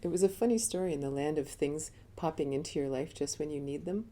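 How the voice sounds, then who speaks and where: A woman's voice: low-pitched, quick pace, mellow. A middle-aged woman giving a live talk as a spiritual teacher, telling personal stories candidly and chattily, often laughing.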